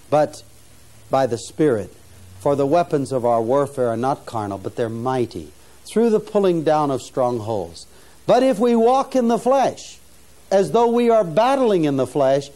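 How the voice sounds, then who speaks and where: A man's voice: fairly high pitch, mellow. Earnest older man preaching to students. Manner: earnest, preacherly, rising to emphasis, with frequent restarts. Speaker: mission founder teaching students. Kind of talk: sermon-style teaching talk.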